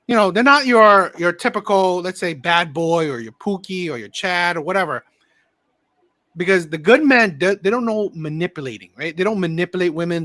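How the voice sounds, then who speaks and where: A man's voice: high-pitched, bright, forceful tone, dry recording. Male call-in host, emphatic and repetitive, dry close sound. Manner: emphatic, repeats phrases. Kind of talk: call-in show commentary.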